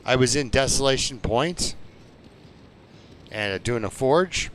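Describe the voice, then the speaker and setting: A man's voice: medium pitch, animated, a bit bright, a little hiss or hum. A man streaming a survival game, chatting and telling stories at a rambling pace with lots of fillers. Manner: slow, rambling storytelling with many fillers. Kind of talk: relaxed gameplay commentary.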